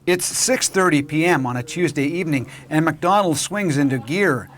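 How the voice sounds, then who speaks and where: A man narrating a local television documentary in a measured, clear storytelling voice. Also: a little high, expressive, a bit bright. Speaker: program narrator and host.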